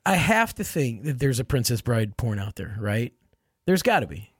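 A man's voice: medium pitch, big pitch swings, normal speed, breathy edge, no room sound, studio quality. A man in his forties co-hosting a comedy podcast, playfully reminiscing and joking along. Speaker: podcast co-host. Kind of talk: casual comedic chat.

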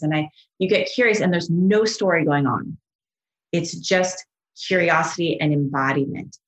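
A middle-aged woman psychologist talks as a podcast guest. Her voice sits a little low, and she explains gently and with enthusiasm. She often slips into soft, soothing quoted voices. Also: normal speed, low-quality recording. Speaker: psychologist and mindfulness expert, guest.

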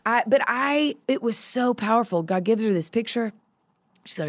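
Lively woman telling a story, low voice. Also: normal speed, no echo. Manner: animated, acts out quoted voices, many fillers. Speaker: songwriter guest. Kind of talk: casual podcast storytelling. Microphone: studio microphone.

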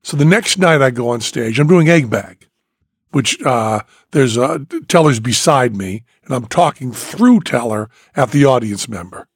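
A man's voice: mid-range voice, lively intonation, measured pace, breathy edge, no echo, studio quality. An older man with a sore throat, telling a story in casual chat and acting out the other people's lines. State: sore throat after a procedure. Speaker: podcast host.

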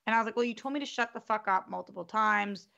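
Woman, casual storyteller, gravelly edge, lively quoting, lo-fi recording. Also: medium pitch, fast talker. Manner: animated, acts out quotes, swears freely. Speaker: storyteller in a group chat.

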